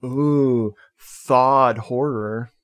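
A man at an ordinary pitch co-hosts a loose, casual film chat. He is jokey and laughs often, and he tosses in swear words as he goes. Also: steady tone, extremely slow. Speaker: podcast co-host.

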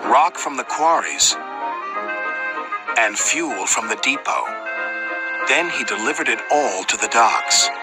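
A man narrating a children's storybook, expressive and acting out the quotes. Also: mid-range voice, slow, pauses often. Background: loud music.

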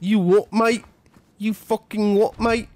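A man doing a deliberately bad mock British accent, playing a brash, shouty bloke in a goofy, exaggerated way. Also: sits high, fairly even intonation, dry recording, pitched above the performer's own voice. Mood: rowdy mocking.

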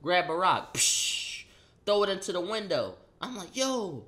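A young man casually telling a story in slang, acting out the quotes loudly. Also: sits high, very animated, unhurried. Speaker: vlogger.

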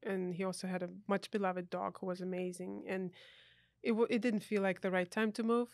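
A woman's voice: medium pitch, a little fast, dry recording. A woman from Ukraine, a guest in an interview, telling stories with emotion and acting out the dialogue. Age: adult. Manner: animated, emotional, acts out dialogue in voices. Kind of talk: conversational interview storytelling.

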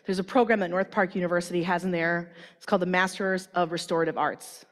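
A woman preaching a sermon at a conference, telling stories in a lively, chatty way with a lot of "like" fillers and acting out quotes. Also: lowish voice, fast talker. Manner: animated storytelling with many "like" fillers, acting out quotes. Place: large conference hall. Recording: long reverb of a large hall.

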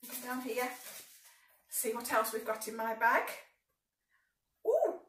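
A woman's voice: on the high side, sing-song, slow, a bit bright, roomy sound, far from the mic, a little hiss or hum. A woman leading a baby and toddler group, singing nursery songs and talking cheerfully to small children. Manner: cheerful, sing-song, speaking to small children. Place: church room.

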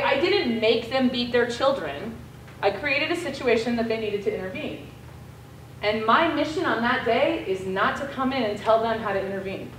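An American woman giving a guest lecture to a class, telling a story in a frank, casual, lively way. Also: a little high, slight background noise. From United States. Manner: animated storyteller, casual and frank with mild swearing. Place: lecture room. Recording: echoey room, voice from far off.

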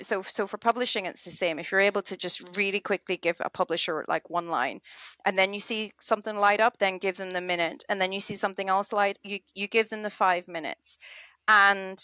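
A woman, an author chatting in an interview, animated and quick to act out little quoted scenes. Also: medium pitch, dry recording, studio quality. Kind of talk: casual interview chat.

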